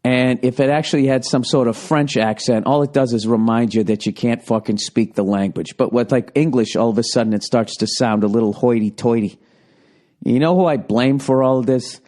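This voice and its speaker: Recording on a handheld digital recorder at home, a podcast host rants sarcastically in a brisk, medium-pitched voice with a darkish tone. It's a rambling comic monologue packed with swearing.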